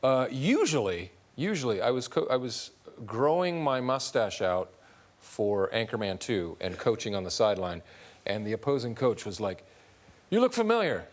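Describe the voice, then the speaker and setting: A man, a talk show guest, telling comic stories in a deadpan, hesitant way. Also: on the low side, normal speed. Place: TV studio. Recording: loud background noise, studio broadcast.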